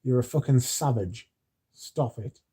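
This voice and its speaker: A man's voice: medium pitch, a little slow, mellow, husky. A man, hosting a livestream and chatting casually with his chat in a drowsy, rambling way. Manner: drowsy, yawning, mumbles at times. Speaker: livestream host reading chat.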